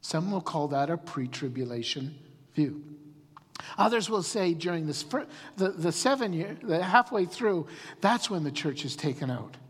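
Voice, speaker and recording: A man preaching a sermon as pastor, animated, often repeating words as he starts a sentence. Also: fairly high pitch, normal speed, husky, long reverb tail.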